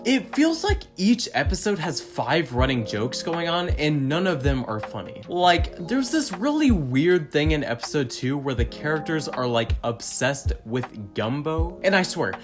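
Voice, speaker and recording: A man delivering a scripted review in a sarcastic, exasperated way. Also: fairly high pitch. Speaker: video essayist reviewing a cartoon reboot. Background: background music.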